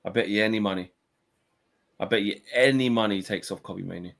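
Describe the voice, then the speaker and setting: A man's voice: fairly low pitch, quick pace, gravelly, fairly bright tone. A man co-hosting a live football fan stream, bluntly complaining and muttering predictions. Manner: blunt, exasperated, muttered asides. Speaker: fan channel co-host. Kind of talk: live match-watch chat.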